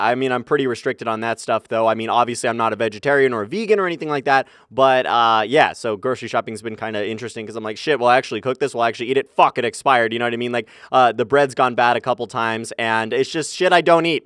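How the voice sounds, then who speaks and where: A 19-year-old man casually talking over gameplay as a commentary YouTuber, energetic and swearing often, saying "man" a lot. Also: mid-range voice, smooth, no echo, clean studio sound. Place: small bedroom in his apartment, under a comforter. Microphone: desk mic, comforter draped over it to cut echo.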